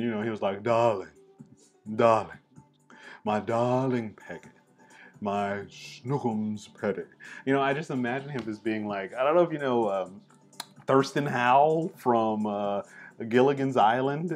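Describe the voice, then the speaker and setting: A man hosting a casual art appreciation vlog, talking in a relaxed, chatty, enthusiastic way. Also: fairly low pitch. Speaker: host.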